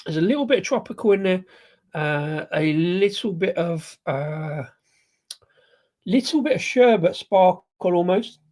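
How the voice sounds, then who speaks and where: Sipping and tasting as he goes, a man hosts a casual live beer review in a high, slightly mellow voice with lively intonation and a slightly slow pace. His talk is rambling and hesitant, packed with ums, restarts and self-corrections.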